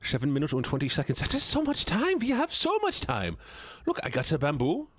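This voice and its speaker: A playful man chats with his stream audience while he plays, joking and laughing easily. His pitch swings all over the place as he talks. The sound is close and dry, with no room echo. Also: wildly swooping pitch, brisk, fairly bright tone. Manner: playful and joking, laughs often, teases chat. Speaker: live streamer. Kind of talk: casual live-stream chat while gaming.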